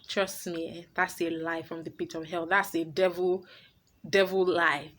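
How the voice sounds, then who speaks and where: A woman's voice: lowish voice, steady tone, a little fast, fairly bright tone. A woman hosting her own advice vlog, talking to camera in a blunt, emphatic way. She laughs easily and often repeats her points. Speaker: vlogger host.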